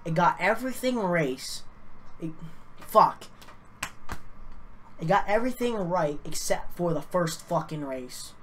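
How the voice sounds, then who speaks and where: Low-voiced tired woman streamer, slow, cussing at her computer, faint hiss behind. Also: animated. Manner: frustrated, profane, muttering then shouting. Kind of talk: live stream commentary.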